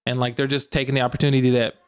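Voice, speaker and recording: A young man from Arkansas, co-hosting a podcast in a relaxed, slangy chat, laughing often. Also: medium pitch, very fast, clean tone. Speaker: podcast co-host. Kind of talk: casual chat.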